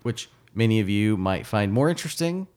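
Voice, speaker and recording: Deep-voiced man, wry podcast host. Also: animated, fairly quick, a little mellow, smooth. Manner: dry, wry joking. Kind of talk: casual chat.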